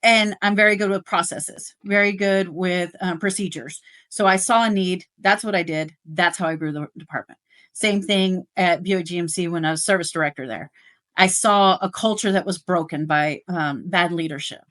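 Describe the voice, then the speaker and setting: A middle-aged woman, a guest on a podcast, telling work stories in animated casual chat with plenty of fillers. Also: fairly low pitch, moderate pace. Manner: animated storytelling, rising excitement, many fillers. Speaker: guest, dealership service manager.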